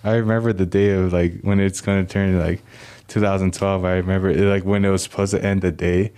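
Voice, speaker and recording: A man's voice: deep voice, little pitch movement, a little fast, mellow, clear, resonant tone. A young man, an athlete guest on an interview show, recalling a memory in an easygoing way. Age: young adult. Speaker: guest, football player. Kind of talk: casual interview chat.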